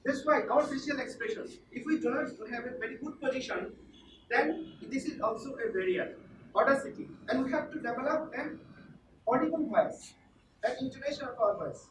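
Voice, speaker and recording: A woman's voice: sits high, normal speed. A woman giving a classroom lecture, repeating her points and quizzing the class. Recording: echoey room, far from the mic, noisy.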